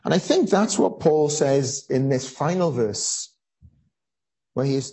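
A preacher giving a sermon, telling a story earnestly with frequent pauses and fillers. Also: mid-range voice, animated, dark tone, breathy edge, rough recording.

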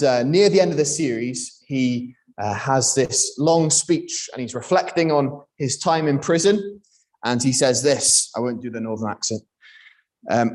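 A man's voice: mid-range voice, a little mellow. A man preaching a sermon in a conversational way, asking the congregation rhetorical questions. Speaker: pastor.

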